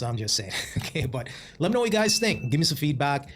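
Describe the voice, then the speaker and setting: Fast-talking man wrapping up a video. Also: mid-range voice, big pitch swings, faint music behind. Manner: chatty, repeats "okay" while addressing viewers. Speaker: channel host. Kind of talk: casual outro to viewers.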